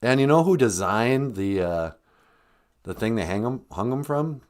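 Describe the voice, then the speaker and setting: On a casual livestream podcast, a middle-aged male host jokes with viewers and drops into silly voices. He speaks a bit slowly, with a medium-pitched, expressive voice.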